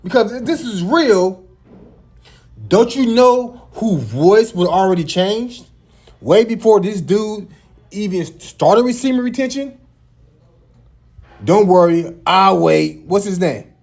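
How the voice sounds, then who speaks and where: A man with a small, high voice hosting a reaction video, teasing and laughing as he comments. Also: animated, slow pace, long pauses, darkish tone. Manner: high light voice.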